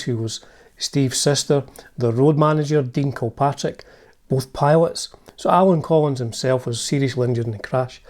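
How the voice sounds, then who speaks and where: Scottish male host, mid-pitched, warm low tone, enthusiastic fan narrating music history casually. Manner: chatty, enthusiastic fan talk with asides.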